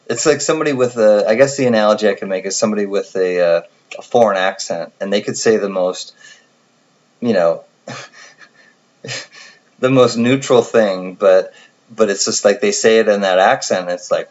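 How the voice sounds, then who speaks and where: Low-voiced guy chatting slowly on a stream, rambly, dull lo-fi sound. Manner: rambling, self-correcting, laughs often. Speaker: livestream host. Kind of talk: casual chat with viewers.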